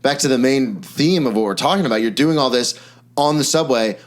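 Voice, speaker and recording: A man's voice: medium pitch, a little fast. Easygoing man musing on a podcast. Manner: agreeable, reflective, often says yeah. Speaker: podcast co-host. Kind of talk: casual podcast chat.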